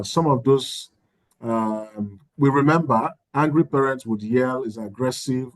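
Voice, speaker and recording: Male trainer, mid pitch, chatty lecture delivery, dry close mic. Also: no room sound. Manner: conversational, acts out sample dialogues with parents. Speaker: course facilitator.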